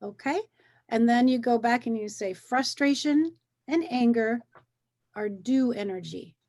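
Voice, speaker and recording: A woman hosting a wellness conversation, coaching gently and encouragingly, often repeating phrases to make her point. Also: on the high side, a little slow. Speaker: wellness talk host.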